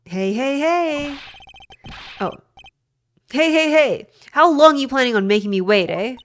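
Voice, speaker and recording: A woman voicing a brash, impatient young man who shouts and pushes. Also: high voice, lively intonation, measured pace, pitched above the performer's own voice. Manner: shouting, pushy.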